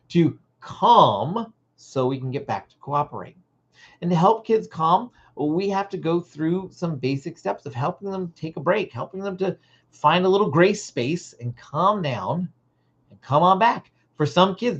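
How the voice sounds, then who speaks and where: A Christian parenting coach hosting a livestream, teaching parents in an animated way and acting out short dialogues. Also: mid-range voice, dull audio.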